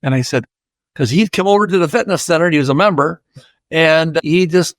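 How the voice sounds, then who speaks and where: A man's voice: a little high, fairly quick, fairly bright tone, no echo. An older man from Iowa, a podcast guest, chatting through a rambling personal story and acting out the voices of people he quotes.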